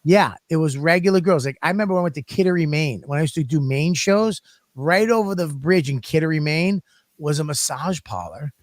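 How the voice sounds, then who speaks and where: A man's voice: on the high side, expressive, a little fast, no room sound. A man co-hosting a podcast, telling crude stories in a rambling, profane way. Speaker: podcast co-host. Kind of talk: casual comedic chat.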